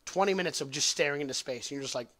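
A man's voice: fairly high pitch, racing, bright, forceful tone. A young man hosting a podcast, telling a long story in a rambling, profane, joking way. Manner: rambling, profane, laughs at own jokes. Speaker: podcast host. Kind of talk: casual storytelling.

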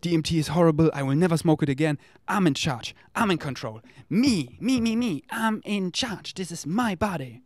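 A man's voice: fairly high pitch, expressive, moderate pace, few pauses, dry recording, voice pushed up. A man voicing his own small, scared male ego mind, whiny and insistent on being in control.

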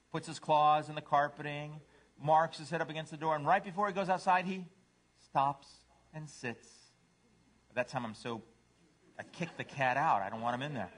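Animated preacher man, lively pitch. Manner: animated, puts on voices for cats and dogs. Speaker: pastor. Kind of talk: sermon.

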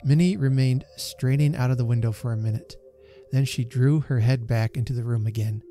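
Male storyteller, warm mellow voice, middle pitch, measured and expressive, faint music underneath. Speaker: reader and channel host. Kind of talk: storytelling reading.

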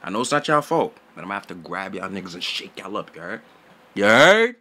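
A young man chatting to his subscribers about game news from his home setup. His voice sits slightly low, yet the tone is bright and forceful. He talks loudly and excitably, full of slang and constant "bro"s. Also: fast. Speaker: gaming YouTuber. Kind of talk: casual gaming news vlog.

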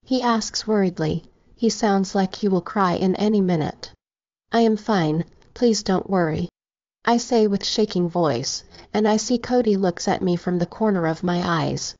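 A woman narrating a first-person romance audiobook with a steady, even reading. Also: mid-range voice, moderate pace, few pauses, no echo. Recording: slightly dull, dry recording.

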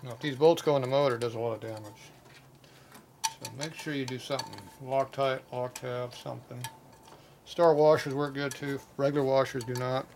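A man's voice: mid-range voice, steady tone, moderate pace, gravelly, a little mellow. A man working as a motorcycle mechanic, giving casual, blunt commentary and muttering to himself as he works in a repair shop. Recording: noisy workshop with clanking tools.

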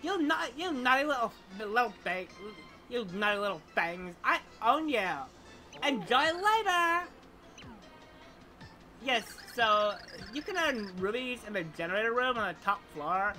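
A woman's voice: medium pitch, animated, moderate pace, hardly any pauses, sharp tone, soft background music. A woman voicing a spoiled, greedy young female game villain in a haughty Valley Girl voice. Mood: bossy.

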